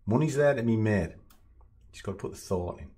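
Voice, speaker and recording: A man's voice: lowish voice, animated, normal speed, mellow. A man giving a blunt, no-nonsense motivational monologue as a trading coach.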